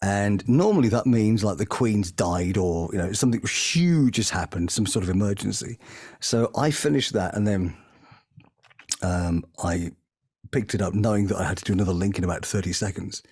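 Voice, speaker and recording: A man, a voice actor, telling lively anecdotes in an interview and slipping into impressions as he talks. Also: fairly low pitch, normal speed, slightly rough, dry recording, clean studio sound. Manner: animated, breaks into impressions mid-story. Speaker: voice actor guest. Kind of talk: anecdotal storytelling.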